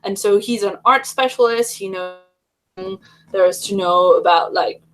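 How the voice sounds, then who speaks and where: A woman's voice: mid-range voice, a little slow, faint music behind, poor audio. Woman, livestream host, casual chat, rambling, lots of fillers. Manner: rambling, many fillers and restarts.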